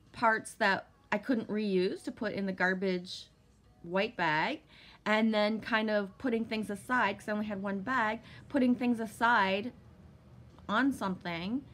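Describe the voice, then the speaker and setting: A woman vlogger casually telling a long story, rambling with lots of fillers, swearing often and bursting into giddy excitement. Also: medium pitch, measured pace, a little hiss or hum.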